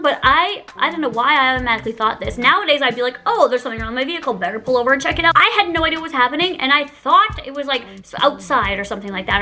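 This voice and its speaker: A young woman YouTuber shares candid stories in a confessional storytime vlog, chatty and giggly, peppering her speech with "like." Her voice is high, bright, and forceful.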